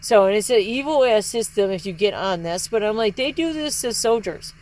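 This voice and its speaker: A woman in the middle of a heated, free-wheeling rant, talking at a medium pitch for her voice. She curses freely, skips between ideas mid-sentence, and her voice jumps sharply higher when she gets agitated. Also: lively intonation, brisk, a little mellow, rough recording. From Michigan, United States. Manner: breaks into short laughs, pitch leaps up when agitated. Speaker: video blogger. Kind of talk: rambling monologue rant.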